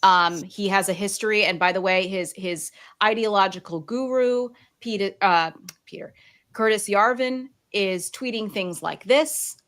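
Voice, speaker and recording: A woman's voice: mid-range voice, measured pace, a bit bright. A woman hosts a casual political talk show in a mid-range voice. She is blunt and emphatic and repeats her lines for punch. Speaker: podcast host.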